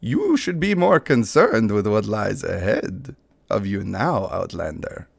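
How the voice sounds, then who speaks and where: A man doing a gravel-voiced brooding hero. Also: sing-song, measured pace, dry recording, clean studio sound, full character voice. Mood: menacing. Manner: low gravelly growl.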